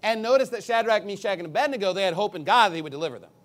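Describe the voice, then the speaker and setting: A man preaching a sermon in an emphatic, conversational way, acting out quick asides. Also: high voice, animated. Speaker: pastor.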